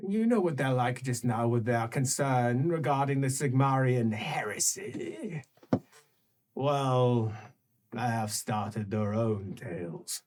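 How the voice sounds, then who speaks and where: A man's voice: medium pitch, darkish tone, natural voice. A man voicing an old male wizard and storyteller who speaks formally, carefully and deferentially.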